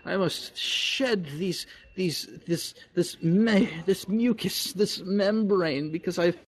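A man performing a hammy, excitable character, stammering and swinging between whispers and cries. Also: high-pitched, slow pace. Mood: manic.

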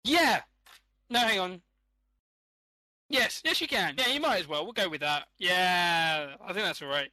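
A man runs a casual online game, chatty and quick to break into laughter. His voice sits high and bright. The sound is close and dry, like a headset mic. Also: lively intonation, dry recording. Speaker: game host.

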